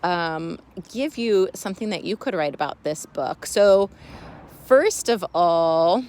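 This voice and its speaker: A woman teacher reading a picture book aloud to children in a playful, expressive way, then explaining a reading task. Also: fairly low pitch, takes it slowly, slight background noise.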